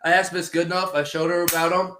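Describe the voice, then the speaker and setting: Casual podcast host, man with a fairly high voice, animated and rambling, recorded in an echoey room. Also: quick pace, a little hiss or hum. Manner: animated, rambling, lots of filler and swearing. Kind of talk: casual storytelling chat.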